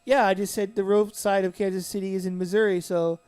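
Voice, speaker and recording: A man's voice: high-pitched, flat delivery, a little fast, a little mellow, clean tone, no room sound. A man with a Southern US accent co-hosting a casual sports podcast, rambling and correcting himself as he talks. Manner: rambling, self-correcting, easygoing. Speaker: podcast co-host.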